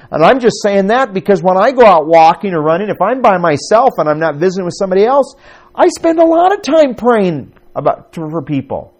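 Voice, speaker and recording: A man's voice: high-pitched, very animated, fairly quick, darkish tone. A man preaching a conversational sermon to his congregation, asking them questions as he teaches. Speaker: pastor.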